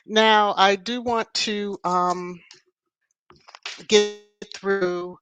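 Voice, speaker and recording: Slow-talking woman hosting a livestream. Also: mid-range voice, over loud music. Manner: playful, chatty, laughs often. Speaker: livestream host. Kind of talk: casual live-chat talk.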